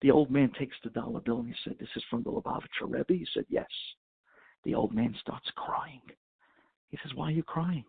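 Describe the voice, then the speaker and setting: A rabbi preaching over a phone conference line, telling a moving story with passion. His voice is gravelly and a little husky. The sound is thin and phone-like, with no room echo. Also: medium pitch, normal speed. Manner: impassioned storytelling, Hebrew and Yiddish terms. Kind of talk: sermon storytelling.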